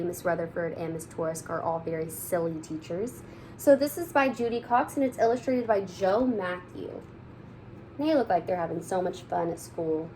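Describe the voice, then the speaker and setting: A woman's voice: medium pitch, a little hiss or hum, low-quality recording. A young woman teacher reading a picture book aloud to kindergarten children in a playful storytelling manner.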